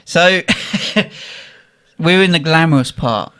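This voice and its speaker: Slow-paced and on the high side, this podcast co-host spins rowdy tales in casual chat, frequently laughing and imitating whoever he's quoting with lively energy.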